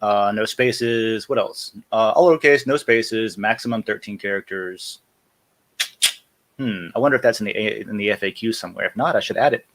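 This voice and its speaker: A man with a fairly low voice hosts a casual live stream. He talks viewers through a software demo, loose and chatty, and stops to fix his own windows and wording as he goes. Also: moderate pace. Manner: casual, self-correcting while clicking through screens. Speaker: host.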